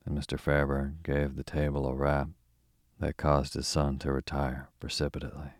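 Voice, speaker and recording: Male bedtime story host; very deep and flat delivery in a dry, close sound. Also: normal speed, no echo. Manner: relaxed, informal. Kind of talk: soothing bedtime story reading.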